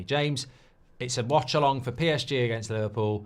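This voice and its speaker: A man hosting a live football watchalong, chatty and excitable, swearing often. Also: mid-range voice, moderate pace. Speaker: host.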